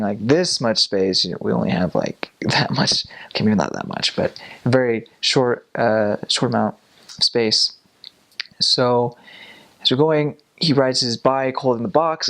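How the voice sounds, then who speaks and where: A young man, a missionary, telling a casual story with animated delivery and frequent laughs. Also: medium pitch, gravelly. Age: young adult.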